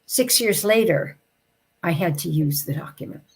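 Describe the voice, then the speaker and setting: A woman with a somewhat low voice tells a personal story as an interview guest. She sounds heartfelt and reflective, and she lets her pace slow when the story turns tender. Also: animated, gravelly, slightly rough. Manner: heartfelt, reflective, slows down for emotional moments.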